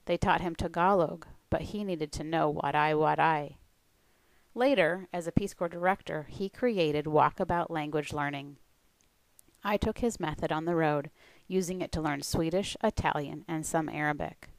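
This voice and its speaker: A woman who coaches language learners, giving a scripted presentation in a clear, steady way. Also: low voice, normal speed, no room sound, poor audio. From United States.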